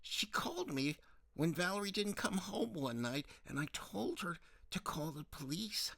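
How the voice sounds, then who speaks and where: A man voicing a worried middle-aged mother who pleads softly and tenderly with her daughter. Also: on the low side, big pitch swings, unhurried, creaky, voice pushed up, full character voice. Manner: soft, coaxing, close to tears.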